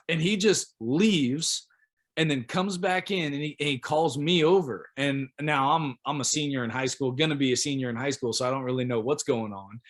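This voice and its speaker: Man from Oklahoma telling stories. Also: a little high. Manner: animated, acts out quotes of others. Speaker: guest, pro football punter. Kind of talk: casual storytelling interview.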